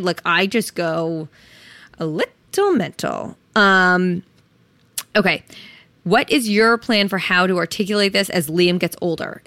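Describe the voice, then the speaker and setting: A young woman hosts a solo podcast, reflecting candidly on her own feelings. She swears casually and thinks out loud. Her voice sits on the lower side and sounds close and dry. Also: no room sound. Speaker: podcast host.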